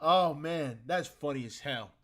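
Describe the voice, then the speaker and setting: A man's voice: fairly high pitch, a little slow, fairly bright tone. A man hosting a live sports talk stream, playful and laughing a lot as he trash-talks. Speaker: host.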